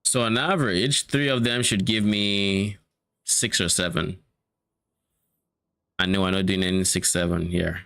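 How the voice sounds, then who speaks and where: A man's voice: deep voice, fairly even intonation, measured pace, long pauses, fairly bright tone, clean tone, no echo. A man streaming a game, casually thinking aloud about loot and swearing now and then. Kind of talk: casual gameplay commentary.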